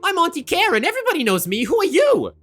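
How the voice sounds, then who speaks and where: A woman's voice: very high-pitched, huge pitch swings, fast, a bit bright, soft background music, pitched above the performer's own voice, heavily acted. A man voicing a fussy older woman at a party who scolds a child about her manners. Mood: scolding. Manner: huffy, scolding.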